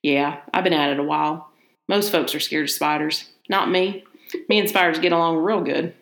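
A woman storyteller puts on a crafty old farmer who breeds spiders, low for her and mocking in his drawl. The room around her is echoey, so the lines ring a little. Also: fairly even intonation, moderate pace, gravelly, fairly bright tone. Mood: sly. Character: sly menacing old male spider breeder.

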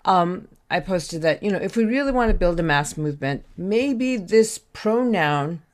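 An American woman speaking on a panel discussion, thoughtful but halting, with many ums and restarts. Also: fairly low pitch, lively intonation. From United States. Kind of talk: remote discussion contribution.

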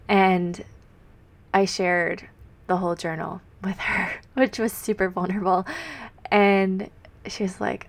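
Soft, gravelly-voiced woman sharing a confession. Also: medium pitch, flat delivery, measured pace. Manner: heartfelt, reading her journal aloud. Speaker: podcast host. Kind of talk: personal faith reflection.

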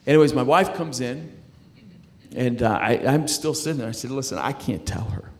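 A gravelly, medium-pitched voice with lively intonation belongs to a middle-aged man sharing his faith testimony. As he talks he stumbles haltingly, repeating words and beginning again.

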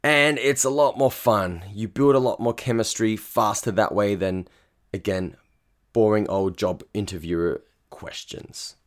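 Chatty man, slangy podcast host. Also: lowish voice. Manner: chatty, laughs often, uses slang and swears. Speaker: podcast host and speed dating organiser. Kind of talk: casual podcast advice monologue.

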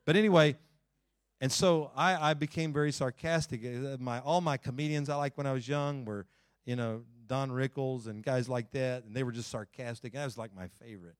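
Animated man preaching with dry sound. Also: medium pitch, normal speed, dry recording. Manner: folksy, talks to the congregation directly. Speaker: pastor. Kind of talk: sermon.

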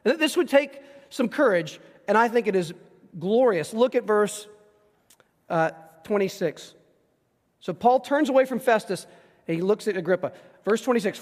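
High-voiced preacher in a reverberant hall. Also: male voice, moderate pace. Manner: animated, acts out quoted voices, emphatic rhetorical questions. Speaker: pastor. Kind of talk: expository sermon.

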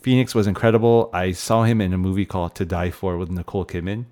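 A man's voice: sits low, steady tone, fast, a little mellow. A man in his forties hosting a podcast, chatting casually about films and handing questions to his co-hosts. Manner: steers the talk, hands off questions. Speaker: podcast host. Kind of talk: casual film review chat.

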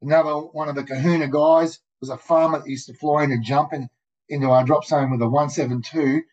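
An Australian man telling rambling, profane skydiving stories in casual, animated talk, full of "mate" and "dude". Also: on the high side, brisk. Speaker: guest, skydiver. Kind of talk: casual storytelling. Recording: muffled lo-fi audio.

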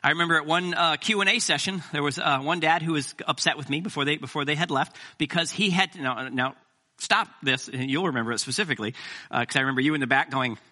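A middle-aged man preaching a sermon as pastor, animated and joking with the congregation. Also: a little high, quick pace.

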